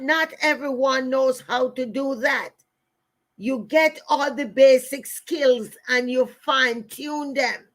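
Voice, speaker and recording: A woman in her fifties, a coach giving a motivational talk, speaking deliberately and repeating phrases for emphasis. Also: high-pitched.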